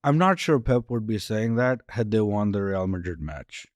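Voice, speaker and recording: A man with a lowish voice chats about football as a co-host, agreeable and quick to chime in with short replies. He is recorded close and dry. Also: lively intonation, dry recording. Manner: agreeable, frequent short backchannels. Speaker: podcast co-host. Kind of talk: casual football podcast chat.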